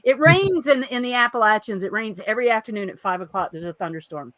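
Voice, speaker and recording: A woman co-hosts a livestream from a video call, chatting freely and running through viewer greetings with plenty of asides. Her voice is bright and sits a little high. The sound is dry, with no room around it. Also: expressive, fast talker, no room sound. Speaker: co-host of a genealogy livestream. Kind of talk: casual chat.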